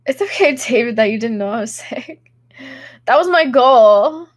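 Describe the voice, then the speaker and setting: A woman's voice: on the high side, animated, moderate pace, dry recording, clean studio sound. A young woman hosting a casual livestream podcast, chatting with her chat while sick and stuffy, with lots of giggles and filler words. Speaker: podcast host reading chat.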